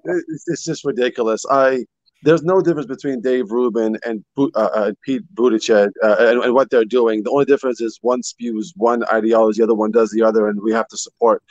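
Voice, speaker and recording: Halting low-voiced man, dull lo-fi audio. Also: fairly even intonation, a little mellow, no room sound. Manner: halting, many fillers and restarts. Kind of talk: casual chat.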